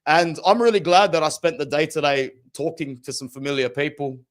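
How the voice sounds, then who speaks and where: A man's voice: a little high, brisk. A young man hosting a football podcast, ranting passionately and opinionated in casual slang. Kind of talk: opinionated sports talk.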